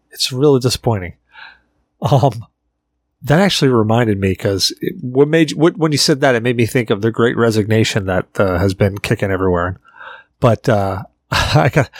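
A podcast co-host from Virginia, United States, speaks in a fairly low voice, recorded in clean studio sound with no echo. He's an animated storyteller in casual chat, laughing and swearing often.

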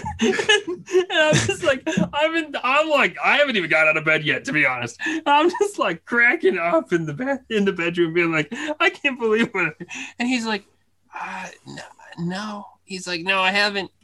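Male co-host, bright and tense in tone, lively anecdote delivery with laughter and quick voice impressions. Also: extremely high pitch. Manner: animated storyteller who laughs and acts out family voices. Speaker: podcast co-host. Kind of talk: casual chat.

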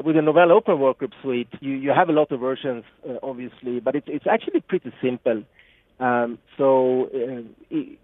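A product marketing guest with a Swedish accent explains things in interview answers, sincere but full of restarts and fillers. His mid-range voice comes through a tinny, phone-like, dry line with no room sound.

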